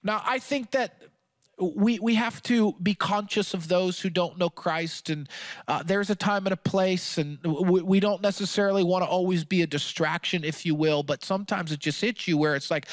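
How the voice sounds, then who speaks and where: A man's voice: high voice, moderate pace, no echo. A man pastor preaching a sermon with passion, often restarting and stammering as he presses his points.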